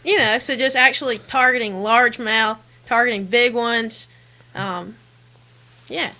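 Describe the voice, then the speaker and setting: A woman angler talking as a podcast guest in relaxed casual chat, laughing easily. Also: on the high side, a little slow, slight background noise.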